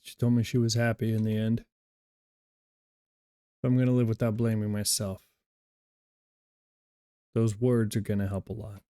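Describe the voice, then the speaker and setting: A man reading as a soft-spoken grieving young man. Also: lowish voice, flat delivery, normal speed, long pauses, smooth, no echo, clean studio sound, close to an everyday voice. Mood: tender.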